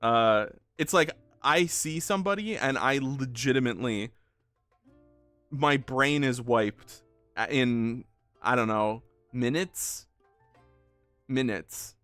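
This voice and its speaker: A man's voice: mid-range voice, takes it slowly, fairly bright tone, dry recording, faint music behind. A man streaming a game, chatting casually in a rambling, self-deprecating way and swearing freely.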